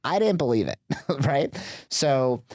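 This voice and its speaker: A man's voice: mid-range voice, slow, no room sound, clean studio sound. A man as a podcast guest, telling a story in a casual, chatty way with lots of fillers. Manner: chatty, filler-heavy, animated retelling.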